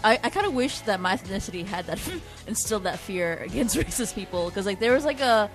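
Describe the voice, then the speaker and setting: A woman comedian in casual panel chat, rapid with laughing asides. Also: mid-range voice, lively intonation, soft background music.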